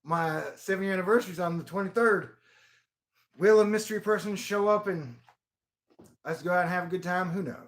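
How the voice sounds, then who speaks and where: A man vlogging in a casual, rambling monologue, heavy on profanity and swinging into loud rants. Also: sits high, a little fast, long pauses. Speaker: video blogger.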